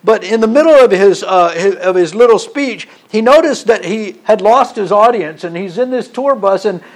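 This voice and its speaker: A man preaching a sermon in a high, light voice. He tells a story in a plain conversational way and reads scripture passages aloud. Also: lively intonation, moderate pace.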